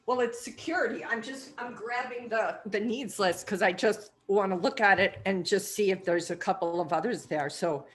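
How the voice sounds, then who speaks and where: A woman's voice: medium pitch, normal speed, few pauses, husky. A woman hosting and coaching, asking probing questions and affirming what she hears. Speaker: trading psychology coach and host. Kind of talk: coaching conversation.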